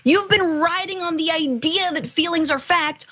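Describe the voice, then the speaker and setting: A woman's voice: very high voice, normal speed, pushed and bright, highs cut off. A female co-host giving indignant political commentary, acting out quotes as she goes.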